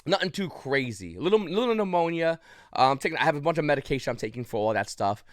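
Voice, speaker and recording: A man's voice: on the high side, big pitch swings, fast talker, no room sound, clean studio sound. A man casually recounting a story to the camera, rambling with restarts and short of breath, with frequent coughs. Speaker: YouTube channel host.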